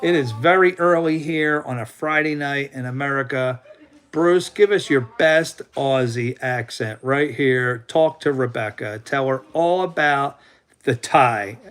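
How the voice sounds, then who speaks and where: Excitable man hosting a livestream. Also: medium pitch, unhurried, smooth. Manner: excitable, playful, keeps calling on his sidekick. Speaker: livestream host. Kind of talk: casual livestream chat.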